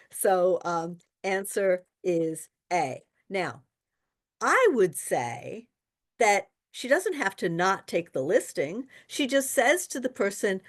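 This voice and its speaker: Chatty woman teaching a real estate class. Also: medium pitch. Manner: chatty, animated storytelling with quoted dialogue. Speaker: real estate exam tutor. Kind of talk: webinar lesson with anecdotes.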